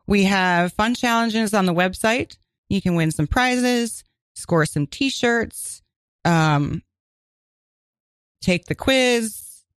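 A woman co-hosting a community radio crime show, chatting casually and reading announcements with quick asides. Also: mid-range voice, clear, resonant tone, no room sound. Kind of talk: casual chat and on-air announcements. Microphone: studio microphone.

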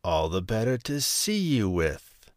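A man voicing a wicked, hungry wolf in a low, silky, growly storybook voice. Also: big pitch swings, a little slow, no echo, clean studio sound. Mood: sly. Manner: low, silky, then snarling.

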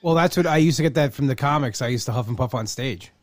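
A man's voice: medium pitch, quick pace, dry recording. A man hosting a casual conversation, telling rambling, self-deprecating stories.

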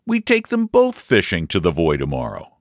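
A man's voice: sits low, wildly swooping pitch, normal speed, no echo, studio quality, heavily acted. A man voicing an earnest, agreeable young man who is a little drunk by the fire.

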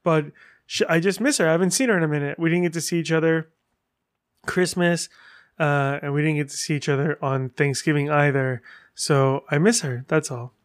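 Male podcast host, rambling casual update, gushy and animated, slightly high pitched voice. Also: normal speed. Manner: animated, rambling, gushing storyteller.

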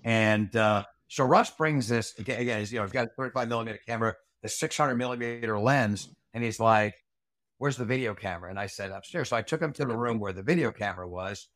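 A man's voice: on the low side, fast talker, a bit bright, no room sound, clean studio sound. A middle-aged man, a retired Army Ranger staff sergeant, telling a long story in a casual interview, rambling with fillers and restarts and plenty of swearing. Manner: rambling, frequent fillers and restarts, salty language.

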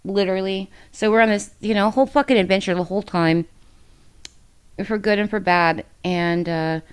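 A woman with a smooth, medium-pitched voice talks at a moderate pace while co-hosting a podcast. She chats casually and emotionally about books, rambling with fillers and swearing freely. Her manner is candid and emotional, with lots of profanity.

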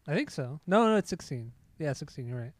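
A man's voice: a little high, very animated, a little fast. Joking young man with a throat tickle. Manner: joking, teasing, stumbling over foreign names. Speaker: podcast co-host reviewing beer. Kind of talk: casual chat.

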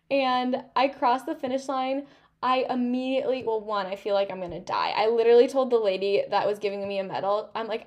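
Young female podcast host, twenties, higher voice, emotional and animated casual storyteller. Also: brisk. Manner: animated, emotional, heavy use of "like" and "literally".

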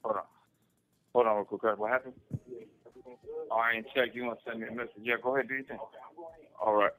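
A man's voice: mid-range voice, fairly even intonation, fast. A man calling in from prison, talking in a laid-back, slangy way full of swearing over a phone line. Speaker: caller from prison. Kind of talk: casual phone chat.

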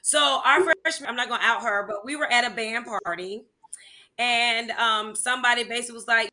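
A woman, a music teacher and songwriter, chatting in an interview and telling animated stories with laughter. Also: on the high side, a little fast. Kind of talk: casual interview chat.

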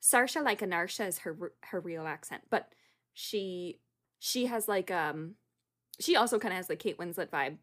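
With a lowish voice and lively intonation, a young podcast co-host talks at normal speed in a casual chat. She rambles, giggles and is prone to bursts of laughter.

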